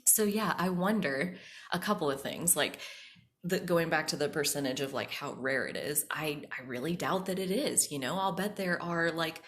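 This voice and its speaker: A woman hosting a podcast, telling a personal story in a casual, animated way, often saying "like" and acting out the voices she quotes. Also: low voice, normal speed. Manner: animated, acts out quoted voices, frequent "like" fillers. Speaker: podcast host.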